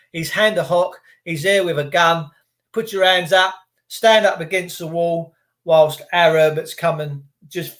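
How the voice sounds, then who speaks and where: Male livestream host, high voice, indignant and sarcastic rant delivered straight to chat. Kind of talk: ranting livestream commentary.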